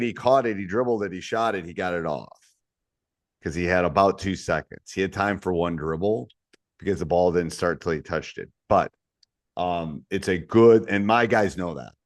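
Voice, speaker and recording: Podcast co-host, male, very deep voice, dry close sound, easygoing coach telling game stories. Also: normal speed, dry recording. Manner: relaxed, storytelling, drops to low asides. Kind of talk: casual podcast chat.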